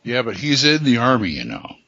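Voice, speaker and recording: A man's voice: mid-range voice, wildly swooping pitch, brisk, creaky, bright, forceful tone, no room sound. A man hosting a gaming podcast in casual chat, joking and laughing often. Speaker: podcast host and game master. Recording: dull, lo-fi podcast audio.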